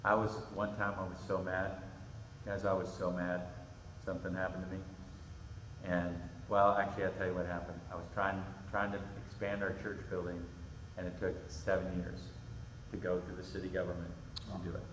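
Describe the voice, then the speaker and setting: Middle-aged male pastor, low voice, animated youth sermon, long reverb hall with faint background hum. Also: moderate pace, recorded from a distance. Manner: animated storytelling, acts out quotes. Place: church hall. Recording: echoey hall with faint ambience.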